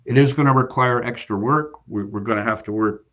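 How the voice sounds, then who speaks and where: A bank CFO appears as an interview guest, earnestly recounting a work story. He's hesitant, with many fillers and repeated starts, and his medium-pitched voice is fairly quick and fairly bright.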